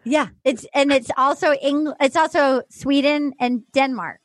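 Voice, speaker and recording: A woman co-hosting a podcast, chatting casually and telling animated stories with acted-out quotes. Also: high voice, a little slow, no room sound. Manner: animated storyteller, acts out quotes. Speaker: podcast co-host. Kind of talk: casual chat.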